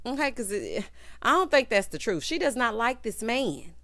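A woman's voice: fairly high pitch, very animated, moderate pace, a bit bright, no echo. A woman giving a sassy, casual recap of a reality show, talking straight to her viewers. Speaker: TV recap reviewer.

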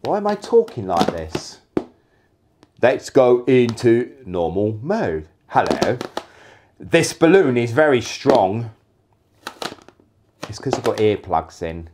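A man's voice: medium pitch, animated, slow pace, pauses often, noisy background. A man filming a playful vlog in his indoor hallway, talking to himself as he goes. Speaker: YouTuber.

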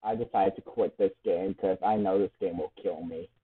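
A man giving let's play commentary, excitable, often shrieking and laughing as he plays. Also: low voice, normal speed, breathy edge. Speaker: gamer. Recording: tinny phone-like sound.

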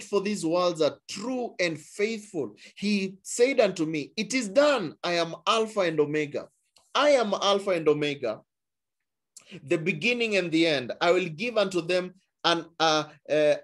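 A man preaching a sermon, reading scripture aloud and repeating phrases for emphasis, sometimes stumbling over words. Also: high voice.

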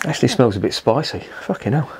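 A man's voice: mid-range voice, animated, fast, slightly rough. A man reviewing a beer in a rambling, profane, exasperated rant. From England. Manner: swears constantly, rambling and exasperated.

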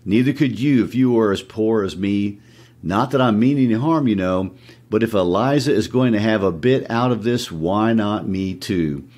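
Brazen poor dustman, self-justifying, read by a man in a low husky tone. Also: normal speed, darkish tone, natural voice. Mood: wheedling. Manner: reading aloud, self-justifying banter. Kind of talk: reading play lines.

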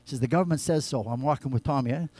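A male pastor preaching a sermon, moving between quiet low scripture reading and loud, raised exhortation. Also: very fast, no room sound. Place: church.

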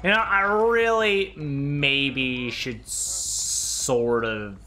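Young male gamer, slightly high voice, unhurried commentary with loud excited bursts and cursing. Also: slight background noise. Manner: excitable, trash-talking, swears freely. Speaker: gaming video creator. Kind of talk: live gameplay commentary.

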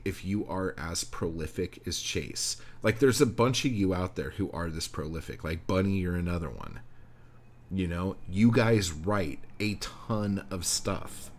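Deep-voiced, profane man on a podcast. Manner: profane, blunt, encouraging. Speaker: podcast host. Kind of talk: casual solo podcast chat.

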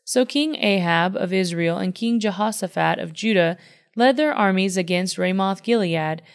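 A woman reading a Bible passage aloud in steady, even narration. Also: mid-range voice, moderate pace. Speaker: Bible reader. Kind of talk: scripture reading.

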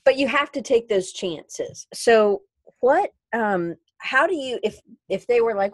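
A woman's voice: a little high, animated, unhurried, no echo. A woman hosting a podcast interview, chatting casually and reading out listener questions. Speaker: podcast host.

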